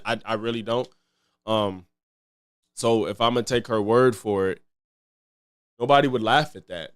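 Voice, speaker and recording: A man's voice: medium pitch, a bit bright, smooth. A man commenting casually on a live stream, loose and chatty, repeating himself and thanking viewers. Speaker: streamer reacting to clips.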